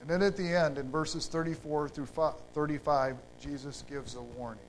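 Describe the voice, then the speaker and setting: Halting man preaching a sermon. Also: a little high, fairly even intonation, a little hiss or hum, rough recording. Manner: unhurried, halting, with fillers and restarts.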